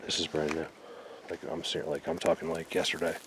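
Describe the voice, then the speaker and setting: A man vlogging outdoors in a forest, excitedly showing viewers what he finds and sometimes dropping to a whisper. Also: very deep voice, brisk, vocal fry, background noise. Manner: excited, talks to viewers, drops to a whisper at times. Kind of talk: outdoor exploring vlog.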